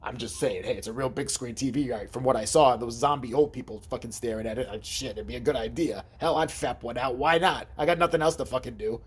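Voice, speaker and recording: A man voicing a crude, grumpy older man in a nursing home who grumbles and swears, with a husky voice. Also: medium pitch, fast, hardly any pauses, voice pushed down, close to an everyday voice. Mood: ranting. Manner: foul-mouthed, grumbling, paranoid.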